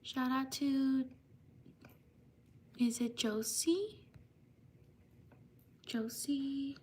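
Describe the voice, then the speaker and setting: A woman hosting a livestream, reading viewers' names for shout-outs in a slow, repetitive way. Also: high voice, a little hiss or hum. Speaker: livestream host.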